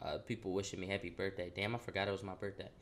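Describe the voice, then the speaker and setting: Male streamer telling a story, casual slang and plenty of swearing, lively delivery. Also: deep voice, very fast. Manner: slangy, profane, animated storytelling. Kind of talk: storytime vlog.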